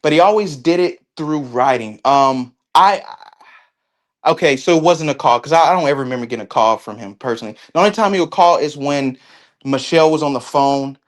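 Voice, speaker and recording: A man speaking as an interview guest in casual conversation, halting often and restarting his sentences. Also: fairly high pitch. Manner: halting, with many restarts and fillers.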